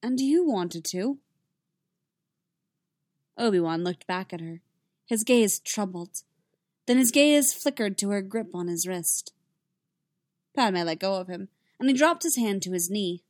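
Woman, story reader, even and unhurried, dry close sound. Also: mid-range voice, no echo. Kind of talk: reading fan fiction aloud.

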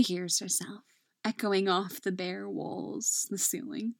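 Woman reading a romance story real slow, soft and whispery, dry close sound. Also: mid-range voice, steady tone, vocal fry, dry recording. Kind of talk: romance audiobook narration.

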